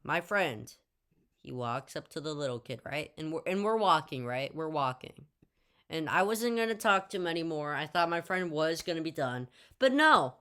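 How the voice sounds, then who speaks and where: A woman's voice: deep voice, expressive, moderate pace, fairly bright tone, clear, resonant tone. Rambling young woman telling a story. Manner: rambling, full of jokey asides. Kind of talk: casual storytime narration.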